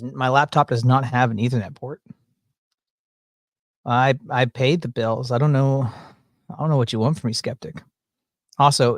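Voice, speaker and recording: A man talks casually to his viewers from home, joking and wandering between topics in a folksy manner. His pitch sits in an ordinary middle range. The room sound is dry, with the mic close. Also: no room sound. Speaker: livestream host. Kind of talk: casual livestream chat. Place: at home, indoors. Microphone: desk mic through mixer with headphones.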